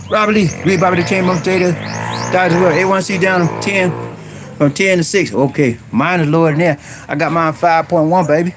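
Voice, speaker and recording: A man's voice: on the high side, background noise. A middle-aged man, chatting bluntly on a live stream from outdoors in a rural area, calling out to viewers with slang. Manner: preachy, blunt, talks straight to viewers with slang. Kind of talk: casual live-stream chat.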